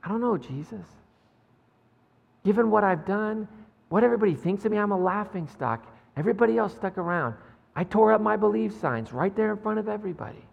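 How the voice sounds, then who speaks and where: A man voicing an anxious, ashamed male disciple who talks haltingly and doubts himself, recorded with a long hall reverb. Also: high-pitched, animated, creaky, narrow, tinny audio, heavily acted. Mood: distraught. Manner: halting, flustered, self-doubting.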